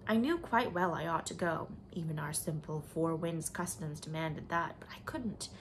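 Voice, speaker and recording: A woman's voice: deep voice, moderate pace, a little hiss or hum. Woman reading as a young woman in shameful confession. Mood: anguished. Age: young adult. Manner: emotional, at times dropping to a whisper.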